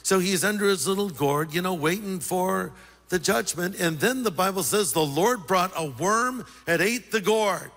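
Bright high-voiced man preaching. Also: moderate pace, in a large hall. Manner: lively, joking preacher. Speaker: pastor. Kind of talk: sermon.

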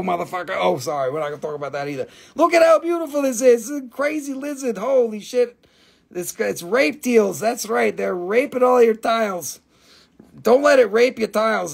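A man's voice: high voice, vocal fry. A man hosting a casual live stream selling rocks, joking and rambling with plenty of swearing. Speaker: rock shop seller.

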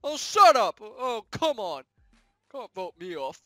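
A man's voice: high-pitched, big pitch swings, slow pace, a bit bright, no echo, faint music behind, heavily acted. A man voicing a plush toy character who teases and boasts while playing a game. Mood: teasing. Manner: teasing and boastful. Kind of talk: gaming comedy voice acting.

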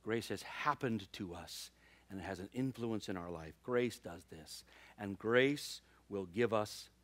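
A man's voice: on the low side, a little slow, a bit bright. A male pastor giving a sermon, telling a funny personal story with laughter before moving into earnest preaching.

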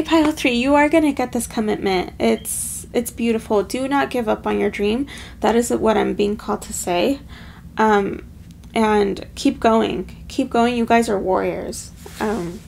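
Gravelly-voiced woman giving a tarot reading. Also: a little high, a little mellow, a little hiss or hum. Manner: heartfelt, addresses viewers as my loves. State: slightly choked up with emotion. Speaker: tarot reader. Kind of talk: tarot card reading to viewers.

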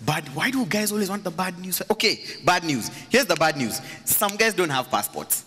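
A man's voice: high-pitched, expressive, pushed and bright, breathy edge. A man preaching an interactive sermon, joking and teasing the congregation. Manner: joking, teasing, quick to laugh. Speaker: pastor. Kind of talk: interactive sermon with audience questions. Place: large church hall. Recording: reverberant church hall with faint ambience.

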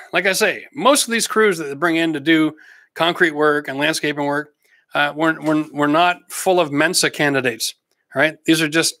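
A man's voice: fairly high pitch, bright, forceful tone, no echo, clean studio sound. A middle-aged Canadian man hosting a casual livestream, chatty and practical with jokey asides. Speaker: host answering live chat questions.

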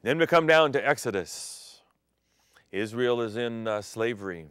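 A middle-aged man who grew up in Thailand, preaching a sermon with sudden swings from loud declaring to near-whispers. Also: medium pitch, lively intonation, unhurried, clear, resonant tone, dry recording, studio quality. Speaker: pastor.

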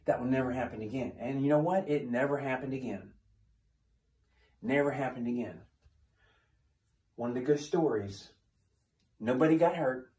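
In an echoey room, a male defensive tactics instructor tells a story as a lesson, speaking plainly and posing questions he then answers himself. His voice is medium-pitched with a warm tone.

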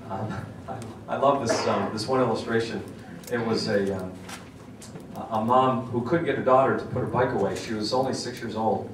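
A man's voice: on the low side, fairly even intonation, moderate pace. A man giving a conference talk, telling a story with many fillers and restarts and acting out the dialogue. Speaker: seminar speaker. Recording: echoey hall, distant mic, faint hiss.

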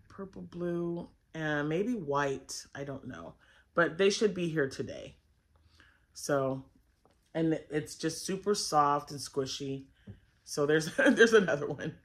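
A woman's voice: on the low side, a bit bright. Chatty woman vlogger rambling about crochet. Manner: chatty, rambling, with frequent fillers and restarts. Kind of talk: casual chat.

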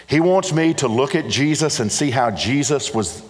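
A man's voice: medium pitch, lively intonation, normal speed. A middle-aged man preaching a sermon, earnest and repetitive, speaking directly to his congregation. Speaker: pastor. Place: church sanctuary. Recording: church hall reverb.

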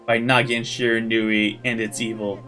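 A man voicing a flamboyant, smug male prophet in a game playthrough, with a broken mock French accent and a showy, drawn-out delivery. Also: fairly low pitch, flat delivery, sharp tone, soft background music. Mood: smug, theatrical.

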